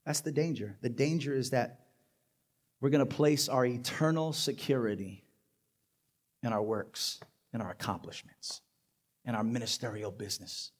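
A man preaching a sermon to a congregation, building from quiet points to loud, emphatic passages. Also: mid-range voice, normal speed, pauses often, slightly rough. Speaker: pastor. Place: church hall before a live congregation.

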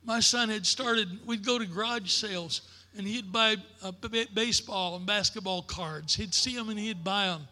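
An older man preaching a sermon as pastor, in a preacher's cadence that builds to shouted declarations. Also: high-pitched, normal speed, few pauses, big-room sound. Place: church sanctuary.

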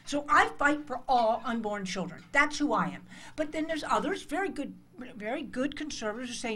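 A woman's voice: high-pitched, animated, normal speed, pushed and bright. A woman in her sixties from the United States, giving an emphatic motivational speech to a room of interns. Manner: passionate, emphatic, acts out dialogues. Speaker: speaker addressing interns. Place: conference hall.

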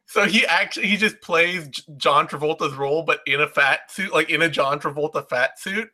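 A man's voice: a little high, normal speed, sharp tone. A man co-hosting a podcast in casual chat, joking and often stammering over his words. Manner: jokey, stammers and restarts. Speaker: podcast co-host.

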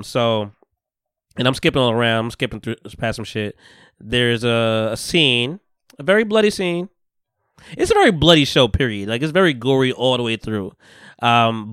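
Bright, animated man telling a story. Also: mid-range voice, clear, resonant tone. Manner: animated storytelling, acts out characters, laughs a lot. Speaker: podcast host. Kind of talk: casual chat recapping a TV episode.

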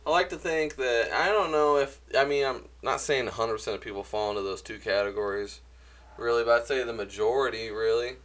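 A man's voice: mid-range voice, steady tone, brisk, a bit bright. A man in casual podcast chat, blunt and swearing, musing aloud about people.

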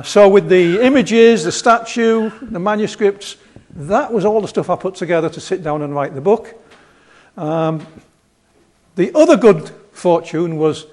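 A man with a Yorkshire accent gives a casual lecture over slides, chatty and rambling, with plenty of self-deprecating humor. His voice is a little high with a darkish tone.

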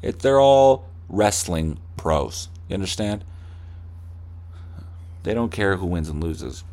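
A man's voice: low voice, lively intonation, takes it slowly, darkish tone. A man hosting a podcast, ranting with heavy swearing and slipping into mocking voices of corporate staff. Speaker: podcast host. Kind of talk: profane comedic rant.

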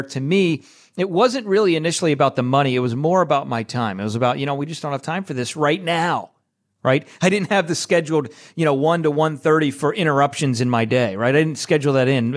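A man's voice: a little high, fast. Chatty man telling a faith story. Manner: chatty and conversational, with tag questions and laughs. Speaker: podcast host. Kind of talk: casual faith-based storytelling.

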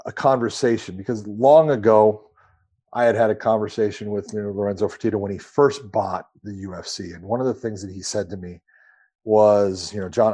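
Mellow-voiced man telling a long story. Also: on the low side. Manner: relaxed, rambling with profanity. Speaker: podcast co-host. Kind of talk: casual storytelling.

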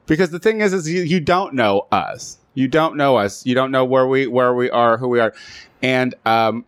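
A man's voice: medium pitch, moderate pace, clean tone, dry recording. A man co-hosting a casual podcast chat, talking emphatically and filling his speech with "like". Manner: animated, lots of "like", emphatic. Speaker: podcast co-host.

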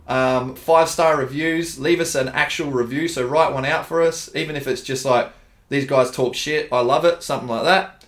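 A man's voice: a little high, fairly bright tone. An Australian man co-hosting a casual podcast, laid-back and swearing freely, calling his listeners dude and bro. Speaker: podcast co-host, gym owner and coach.

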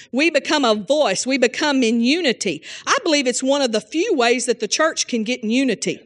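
A woman's voice: high-pitched, expressive, fairly quick, few pauses, fairly bright tone. A woman Bible teacher preaching a fervent sermon in folksy language, often exclaiming hallelujah and amen and questioning her listeners directly. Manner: questions listeners directly and calls on them by name; folksy, homespun phrasing.

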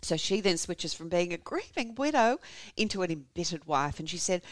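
A woman's voice: fairly low pitch, sing-song, moderate pace, hardly any pauses, no echo. An Australian woman hosting a podcast, retelling a true-crime case in a chatty, jokey way. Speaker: podcast host. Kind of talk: casual true-crime storytelling.

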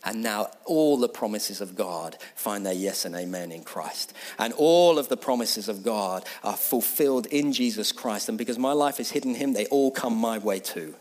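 A man preaching a sermon as pastor, building passion through repeated phrases and then sinking to a hushed, near-whispered prayer. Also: lowish voice, animated, moderate pace, hardly any pauses.

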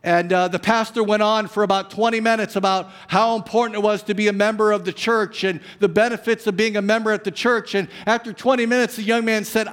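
A high-pitched man preaching a Sunday sermon. He moves between loud bursts of emphasis and soft, stretched-out phrases, and his voice rings with the long reverb of a church hall. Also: clear, resonant tone. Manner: animated preaching, swinging between loud emphasis and hushed, drawn-out lines. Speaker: pastor. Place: church sanctuary.

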